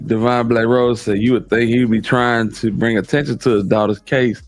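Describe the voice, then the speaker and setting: Slow, gravelly-voiced man commentating. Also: mid-range voice, no echo. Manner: animated, slangy, incredulous. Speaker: streamer reacting to clips. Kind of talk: casual commentary.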